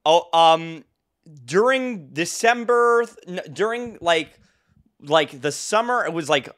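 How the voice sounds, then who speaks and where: Male podcast host, casual chat, rambling and laugh-prone, animated delivery. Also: fairly high pitch, slow pace. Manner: rambling storyteller, laughs often, restarts.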